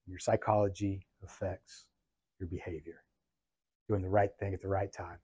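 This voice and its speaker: A man, a business coach, lecturing business students in an emphatic, deliberate way, ticking through his points one at a time. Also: low voice, little pitch movement, mellow, husky, no room sound.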